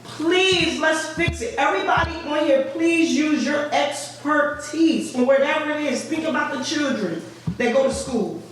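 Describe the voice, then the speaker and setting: Speaking unhurriedly in a high voice, an older woman who is a housing resident makes an emotional plea during a board meeting's public comment period. She repeats herself for emphasis. The recording comes from a very echoey meeting room, with her sounding far off and a little noise underneath.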